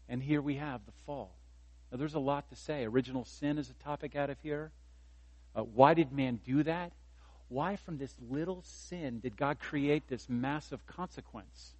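A man's voice: a little high, darkish tone, no echo, rough recording. A man in his fifties, a pastor preaching a sermon in a conversational way, raising his voice for emphasis and joking at his own expense. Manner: conversational preaching, rising for emphasis, self-deprecating humor.

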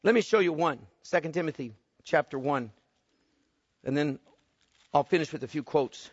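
A man preaching an expository sermon, swinging from quiet explaining to loud emphatic bursts. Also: a little high, normal speed, husky. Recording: muffled sound with long hall reverb.

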